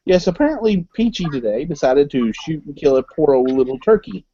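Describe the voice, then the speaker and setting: A man's voice: a little high, animated, fairly quick. A man hosting a casual live-stream chat, joking and teasing his guests. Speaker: host. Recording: dull lo-fi stream audio.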